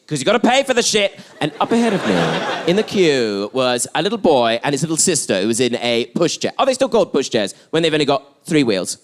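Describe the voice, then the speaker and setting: A man doing stand-up storytelling, camp and arch with spiteful asides. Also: fairly high pitch. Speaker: stand-up comedian. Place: comedy venue stage. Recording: noisy live club recording.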